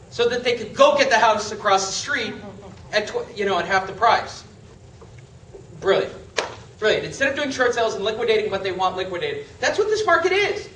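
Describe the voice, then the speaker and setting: A high, bright-voiced man delivers an emphatic seminar lecture, firing off rhetorical questions. He is picked up from across a large echoey room. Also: recorded from a distance, slight background noise. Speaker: real estate trainer.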